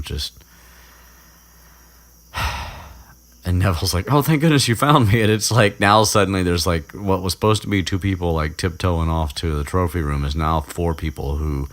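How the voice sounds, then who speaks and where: A man's voice: rumbling low, steady tone, moderate pace. A young man hosting a podcast, recapping a story in a rambling, casual way, chuckling and swearing freely. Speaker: podcast host.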